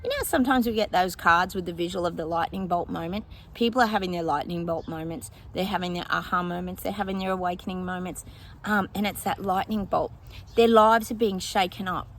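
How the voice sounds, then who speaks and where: A woman's voice: lowish voice, fairly quick, a little hiss or hum. Rambling chatty woman psychic. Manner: rambling, chatty, thinks aloud with many fillers; laughs often. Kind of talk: casual predictions monologue to viewers.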